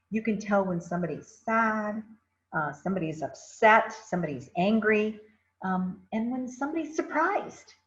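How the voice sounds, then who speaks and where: A woman's voice: medium pitch, a bit bright. A woman giving a conversational customer service training talk, often repeating phrases and adding fillers. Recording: roomy, slightly dull recording.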